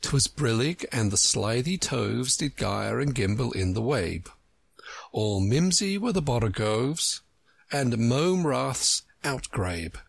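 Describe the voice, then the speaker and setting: A man reading a storybook aloud, voicing a polite, curious young girl with a raised, girlish pitch. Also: expressive, takes it slowly, gravelly, breathy edge, no echo, heavily acted.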